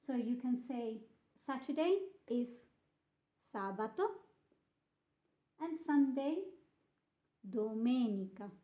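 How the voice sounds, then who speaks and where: A woman teaching a beginner language lesson, slowly modelling pronunciation and repeating words for practice. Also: a little high, animated. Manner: slow, carefully modelled pronunciation with drilled repetition. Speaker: Italian teacher. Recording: echoey, slightly dull room sound.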